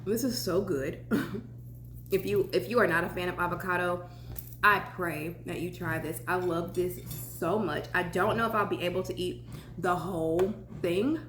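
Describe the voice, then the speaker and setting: A woman's voice: lowish voice, normal speed, fairly bright tone, echoey room, a little hiss or hum. A young woman with a Southern US accent, chatting casually while eating and talking with her mouth full in her home kitchen. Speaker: vlogger.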